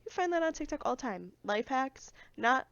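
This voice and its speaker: A woman's voice: high voice, very animated, normal speed, creaky, a bit bright, dry recording. Chatty young woman, dry lo-fi sound. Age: young adult. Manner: chatty, wry asides. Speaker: podcast co-host. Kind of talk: casual chat.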